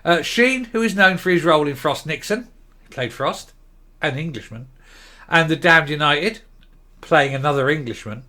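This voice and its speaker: A man's voice: a little high, expressive, moderate pace, sharp tone. An older man hosting an opinion commentary show, talking in a sarcastic, combative and scornful way. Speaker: commentary host.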